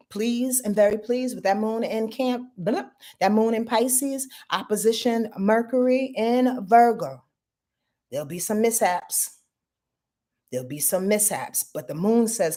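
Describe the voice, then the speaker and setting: A woman's voice: mid-range voice, warm tone. A woman hosting a casual astrology forecast, brash and profane, playfully acting out quotes. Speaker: astrologer host.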